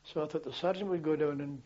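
An older man telling wartime memories as a former policeman, in a halting, rambling way full of restarts and chuckles. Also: a little high, gravelly, darkish tone, breathy edge, muffled recording. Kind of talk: oral history storytelling.

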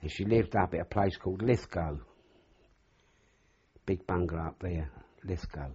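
A man's voice: low-pitched, moderate pace, mellow, slightly rough. An older man being interviewed, rambling through anecdotal memories and acting out the dialogue as he goes. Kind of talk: oral history reminiscence. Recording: dull lo-fi recording.

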